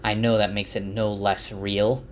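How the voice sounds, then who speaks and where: A man voicing a wary, half-mad young man who sneers and shouts at the night. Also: on the low side, little pitch movement, a little slow, slight background noise, natural voice. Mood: defiant shouting.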